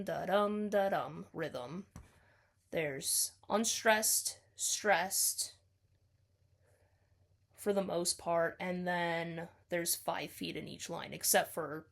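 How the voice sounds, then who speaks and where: A woman's voice: fairly low pitch, creaky, darkish tone. A woman talking through her reading of a poem, tentative and full of ums, often hedging and correcting herself. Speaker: student explaining a poem. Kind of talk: casual spoken poetry analysis.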